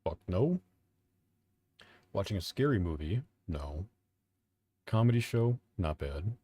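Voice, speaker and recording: Low, mellow-voiced man chatting on stream. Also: expressive, takes it slowly, dry recording. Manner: profane, offhand, self-mocking. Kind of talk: casual live-stream chat.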